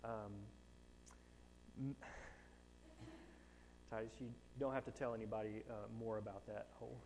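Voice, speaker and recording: A man preaching a sermon, telling a self-mocking story from his own life, with animated, shifting emphasis. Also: medium pitch, a little slow, in a large hall, slight background noise. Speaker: pastor.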